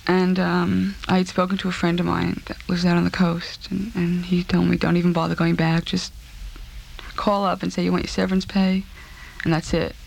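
Speaking haltingly and quietly, a woman goes back over something she endured, circling back to the same words during an interview. She has a fairly low, gravelly voice that is a little mellow, delivered flatly.

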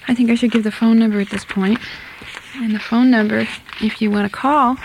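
A woman hosting a call-in radio show, reading listener letters aloud in a measured, deliberate way. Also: on the high side, fairly even intonation, a little mellow, a little hiss or hum, rough recording. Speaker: radio host.

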